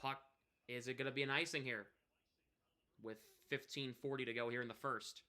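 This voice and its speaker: A man's voice: mid-range voice, moderate pace. A young man doing live hockey play-by-play on his stream, calling the action and chatting with viewers in between. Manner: excited play-by-play, chatting with chat between plays. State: coughing, choking on saliva. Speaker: livestream hockey commentator.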